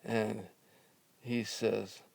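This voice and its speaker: An older man casually telling a story from his youth, halting with fillers and restarts, with a dry sense of humor. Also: fairly low pitch, little pitch movement, gravelly, a little mellow, no room sound.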